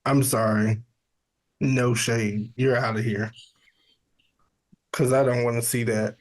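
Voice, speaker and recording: A man's voice: mid-range voice, flat delivery, takes it slowly. A man co-hosting a casual pop-culture podcast, bantering in a playful, sassy way. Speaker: podcast co-host.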